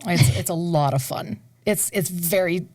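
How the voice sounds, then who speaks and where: A woman who is an opera singer, talking in a casual interview, animated and laughing often, sometimes dropping to a whisper for emphasis. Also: on the low side, measured pace, no echo, clean studio sound. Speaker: guest, opera singer and conservatory staff.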